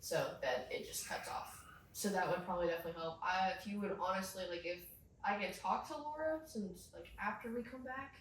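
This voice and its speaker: A woman's voice: medium pitch, a little fast, slight background noise. Woman talking shop, roomy distant mic. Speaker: staff at a tour business. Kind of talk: casual business chat.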